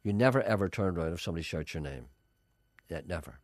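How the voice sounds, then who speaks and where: A man's voice: deep voice, quick pace, no room sound, clean studio sound. A man with a Northern Irish accent, presenting a radio show in casual, bantering chat. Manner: animated, bantering.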